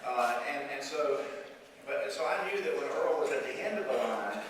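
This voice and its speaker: Folksy middle-aged bishop in an echoey church. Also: male voice, medium pitch, lively intonation, normal speed, far from the mic. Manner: folksy, self-deprecating storytelling. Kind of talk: anecdotal talk to a congregation. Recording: echoey church hall, mic from afar, noisy.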